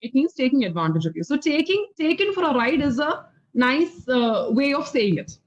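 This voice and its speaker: High-voiced Indian English teacher, patient. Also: female voice, sing-song, moderate pace. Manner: patient, explanatory, frequent okay checks. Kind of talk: online English conversation lesson. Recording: slightly dull lo-fi audio.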